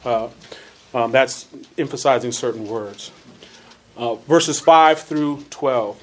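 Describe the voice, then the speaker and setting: A man teaching a church Bible class, earnest, repeating phrases for emphasis and reading scripture slowly with stressed words. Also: mid-range voice.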